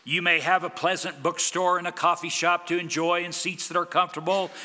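A man delivers a sermon with an emphatic preaching style, his voice very bright and a little high. He swings from loud declarations down to quiet, low lines. The sound carries a long reverb, as in a large hall. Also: little pitch movement, brisk. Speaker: pastor.

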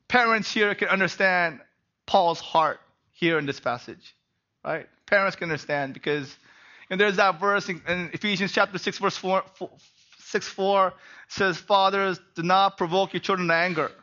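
A middle-aged man preaching a sermon as pastor, animated and peppered with rhetorical "right?" asides. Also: high-pitched, dull audio.

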